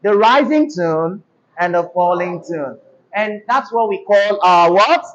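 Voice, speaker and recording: A woman's voice: mid-range voice, expressive, dull audio. A woman teaching a diction class, asking questions and having pupils repeat after her. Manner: call-and-response prompting, deliberate.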